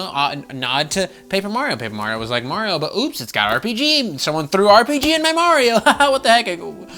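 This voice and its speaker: American man, gaming host, lively swinging pitch, bright edgy voice, casual rant. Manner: animated, swears, mock voices, laughs often.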